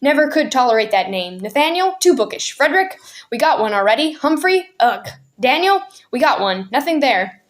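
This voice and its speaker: A man's voice: very high voice, big pitch swings, normal speed, fairly bright tone, full character voice. A woman reading the part of a busy father of a big family, clipped and impatient, sometimes teasing.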